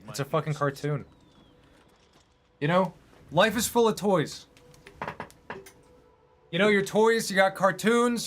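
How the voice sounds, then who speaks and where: A man's voice: sits high, a bit bright, slight background noise. A man streaming, chatting casually in a rambling, opinionated, profane way. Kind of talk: casual chat while streaming.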